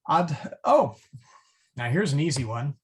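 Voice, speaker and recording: A man teaching a Latin class online, explaining translations haltingly with many ums and chuckling at his own slips. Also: fairly high pitch, very animated, breathy edge.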